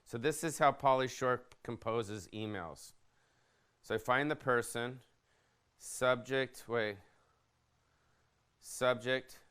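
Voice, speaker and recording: A man's voice: mid-range voice, slow pace, pauses often, fairly bright tone, clear, resonant tone. A man in his fifties hosting a podcast, talking in a loose, profane, jokey rant and tossing questions to his producer. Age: 50s. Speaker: podcast host. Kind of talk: casual rambling rant.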